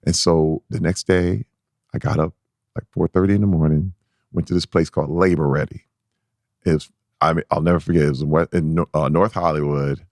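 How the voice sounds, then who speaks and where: A man guest on a podcast, telling a candid personal story in an animated, emphatic way, often restarting and repeating words as he goes. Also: a little fast, no room sound, clean studio sound. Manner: animated, acts out his own past voice in a squeaky high pitch.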